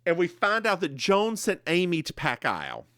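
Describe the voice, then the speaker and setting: Bright, lively man recapping a show. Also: high-pitched, moderate pace, dry recording, studio quality. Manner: animated, theatrical storyteller. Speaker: podcast co-host. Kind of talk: casual chat recapping a TV episode.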